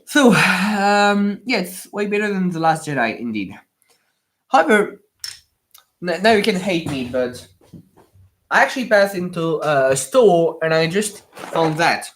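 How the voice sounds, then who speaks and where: A man's voice: sits high, animated, measured pace, a bit bright. Chatty young man with a French accent. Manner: rambling, chatty, many fillers and repeated words. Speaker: livestream host building Lego. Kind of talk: casual livestream chat answering viewers.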